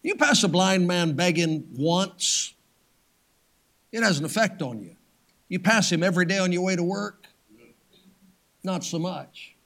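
A man preaching a sermon, swinging between loud, urgent passages and hushed, soft ones, with folksy joking asides. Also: high voice, expressive, measured pace, gravelly, pauses often. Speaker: pastor.

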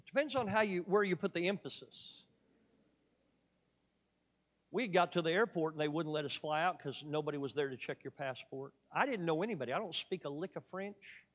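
Preacher guy giving a sermon, dramatic storytelling, big loud bits then quiet, echoey hall. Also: high voice, fairly quick, pauses often. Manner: dramatic storytelling, swinging between loud emphatic peaks and quiet asides.

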